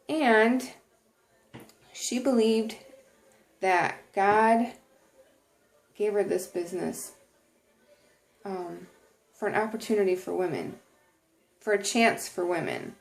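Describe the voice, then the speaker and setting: A woman's voice: medium pitch, slow pace, pauses often. A woman talking earnestly to camera in a casual inspirational vlog, with many ums and restarted sentences. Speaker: vlogger.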